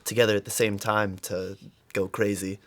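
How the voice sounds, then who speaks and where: A man in a band giving a relaxed, easygoing answer in an interview, thinking aloud as he goes. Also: lowish voice, moderate pace, a little hiss or hum. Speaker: band member.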